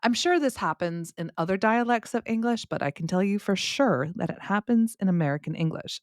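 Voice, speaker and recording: A woman with a Californian accent touched by Southern US speech, hosting a podcast English lesson in a lively, demonstrative way and stressing words to teach. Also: mid-range voice, dry recording, clean studio sound. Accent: Californian with light Southern US touches.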